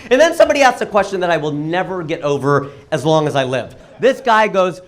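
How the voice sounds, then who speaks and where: A middle-aged man performing a stand-up comedy set on a club stage, with an animated, punchy delivery. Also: a little fast, few pauses. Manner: animated, punchy delivery with sudden jumps in pitch.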